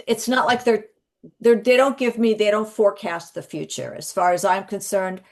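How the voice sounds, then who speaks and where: A woman speaks as a psychic medium guest, telling her stories in a lively, rambling way. She often restarts her sentences. Her voice sits at an ordinary middle pitch. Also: moderate pace. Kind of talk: conversational storytelling.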